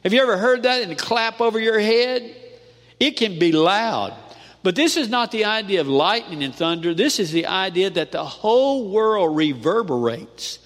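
High-voiced preacher man in a reverberant hall. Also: expressive, moderate pace. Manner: preachy call-and-response with frequent "amen?"; dramatic swings between loud and hushed. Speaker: pastor. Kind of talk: sermon.

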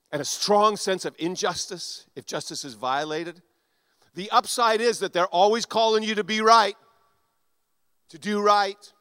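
A pastor preaches a sermon in a slightly high, clear, resonant voice, recorded close and dry. He's animated, swinging from loud, punchy lines to quiet asides, and acts out the voices he quotes.

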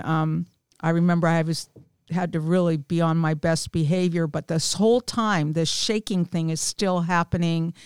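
Woman, fifties, guest storyteller: smooth, lowish, frank and wry. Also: no room sound, clean studio sound. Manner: candid, self-deprecating storyteller. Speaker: small group leader, guest. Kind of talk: personal testimony in casual chat.

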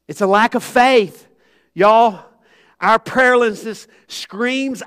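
Earnest pastor preaching a sermon. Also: male voice, high-pitched, a little slow, a bit bright, clear, resonant tone. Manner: earnest, conversational, addresses the congregation directly. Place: church sanctuary.

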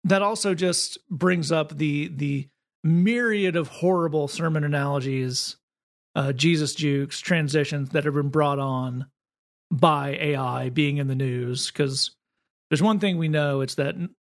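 A man with a Southern accent co-hosting a podcast, talking quickly and wryly in casual comedic chat. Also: on the high side, vocal fry. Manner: quick, wry, with frequent restarts. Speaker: podcast co-host.

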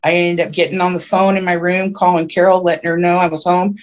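A woman's voice: fast talker, highs cut off. Rambling woman telling a story on a podcast. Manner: rambling, vivid storytelling with many restarts and fillers; grows excited and high-pitched when telling the tense parts. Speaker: podcast guest, self-described oracle.

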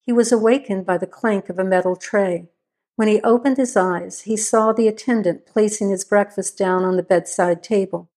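A woman narrating a suspense story in a steady, measured voice. Her pitch sits in an ordinary middle range, and she reads each sentence deliberately. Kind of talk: scripted narration.

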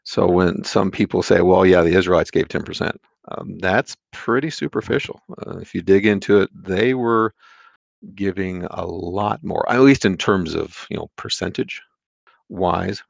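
A man co-hosting a conversational Bible study discussion, citing scripture in a measured way with frequent fillers. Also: low-pitched, gravelly, no echo.

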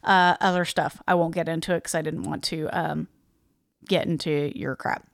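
A woman's voice: low voice, steady tone, moderate pace, gravelly, no room sound, studio quality. A woman co-hosting a casual podcast, reading from her research with wry asides and easy laughs. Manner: chatty, wry, laughs easily, reads notes aloud with asides. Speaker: podcast co-host.

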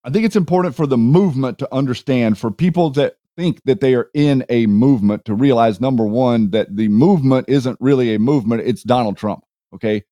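A man's voice: medium pitch, brisk, dark tone, no echo. A man co-hosting a casual political talk stream who argues his points and often repeats words as he starts a sentence. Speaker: co-host.

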